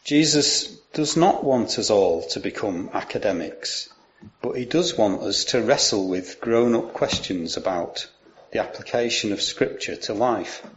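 Low-ish guy giving a sermon, calm and measured, reads scripture out. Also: dull audio. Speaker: preacher.

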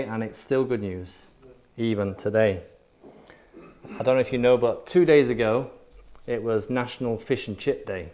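A man's voice: mid-range voice, a little mellow. A man preaching a sermon in short, punchy, repeated phrases. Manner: emphatic, punchy repetition.

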